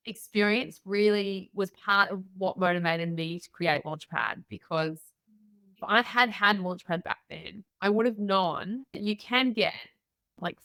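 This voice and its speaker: An Australian entrepreneur in middle age speaks in a mid-range voice with no echo as a podcast guest. Her storytelling is candid and spirited, complete with impressions of the people she's quoting.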